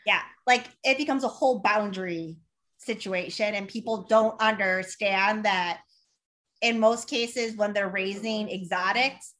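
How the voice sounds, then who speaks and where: Young woman guest, casual blunt chatter, lively and profane. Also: medium pitch, a little slow. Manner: animated, swearing, filler-heavy, acts out voices. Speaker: podcast guest. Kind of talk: casual podcast chat.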